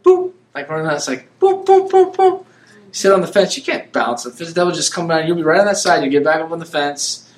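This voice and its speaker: Male preacher, high-pitched, casual rambling delivery, echoey room. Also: fast. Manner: rambling and conversational, acting out characters in asides. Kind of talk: casual sermon retelling a Bible story.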